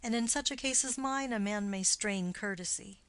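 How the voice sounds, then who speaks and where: A woman's voice: mid-range voice, moderate pace, close to an everyday voice. A woman reading the part of a lovesick young male nobleman who trades wordplay, with light, bantering delivery.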